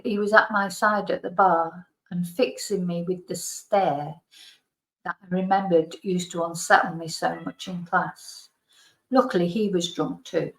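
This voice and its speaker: Woman reading her memoir in a roomy echo. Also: mid-range voice. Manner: calm, frank storytelling with dry self-deprecating humour. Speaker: YouTube storyteller and Spanish teacher. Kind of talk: reading her own memoir aloud as a bedtime story.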